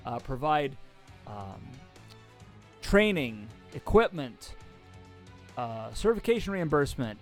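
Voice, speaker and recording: A man narrating as game master of a tabletop game, halting with many ums and restarts. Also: mid-range voice, creaky.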